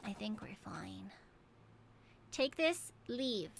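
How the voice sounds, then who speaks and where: A woman's voice: medium pitch, very animated, takes it slowly, creaky, a little hiss or hum. A woman streamer giving casual gameplay commentary, playful and swearing freely.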